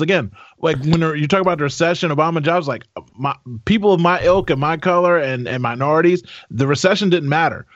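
An American man co-hosting a podcast over a remote link, animated and rambling, often repeating himself. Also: fairly high pitch, no room sound. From United States. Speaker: podcast co-host. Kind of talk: casual panel chat. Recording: dull, dry remote audio.

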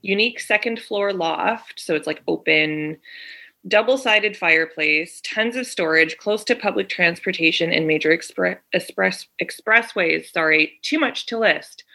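Woman, bright tone, animated storytelling, swears a lot. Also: medium pitch, normal speed. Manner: animated, swears freely, acts out dialogue. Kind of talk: casual chat, storytelling.

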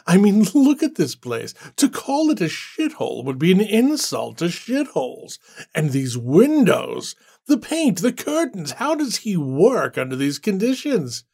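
A man's voice: mid-range voice, lively intonation, slow, creaky, hardly any pauses, darkish tone, breathy edge, full character voice. A man voicing a cynical, sarcastic man with a mocking way of talking. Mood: sneering. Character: sneering cynical man, shaken later.

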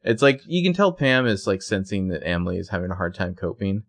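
A man's voice: low voice, fast talker, fairly bright tone. A man co-hosting a podcast, recapping a show in casual chat, swearing freely and laughing often. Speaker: podcast co-host.

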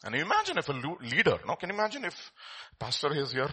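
Husky, bright-voiced preacher. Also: male voice, a little high, fast. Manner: expressive preaching with rhetorical questions, voice rising and dropping sharply; reads scripture aloud. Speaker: pastor. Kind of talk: sermon.

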